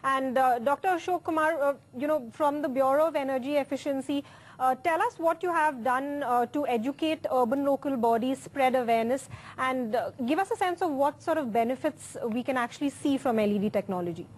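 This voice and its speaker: High-voiced woman moderating a panel. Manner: brisk, fluent questioning with frequent fillers. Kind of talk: moderating a televised panel discussion.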